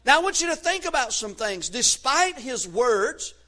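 High-voiced fervent man preaching. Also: very animated, normal speed. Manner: fervent preaching with shouted peaks. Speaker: pastor. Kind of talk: sermon.

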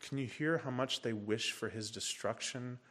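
A man preaching an expository sermon, animated, acting out the voices of the people in the text. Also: mid-range voice, moderate pace. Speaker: pastor.

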